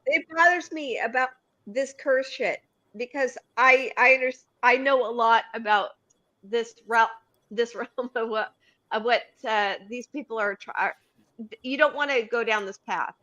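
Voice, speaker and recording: Bright, hiccuping woman chatting. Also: fairly high pitch, unhurried, no echo, muffled recording. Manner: laughing often, restarting sentences. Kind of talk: casual panel chat.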